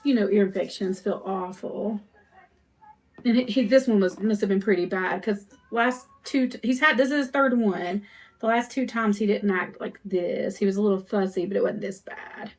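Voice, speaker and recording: Hosting a crafting live stream for her custom cup shop, a woman talks with viewers as she works, loose and rambling. Her pitch is medium and her pace moderate.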